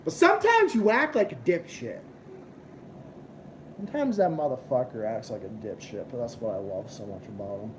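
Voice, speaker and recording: A man's voice: mid-range voice, big pitch swings, normal speed, background noise. A young man hosting a live stream, ranting and swearing as he chats with viewers. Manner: profane, ranting, combative. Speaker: livestream host. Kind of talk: casual live-stream chat.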